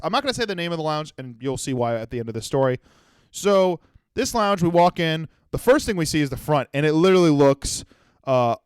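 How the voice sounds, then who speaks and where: A man's voice: a little high, clean tone, no echo. A man in his twenties hosting a solo comedy podcast, telling rambling, profane stories. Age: 20s. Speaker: podcast host.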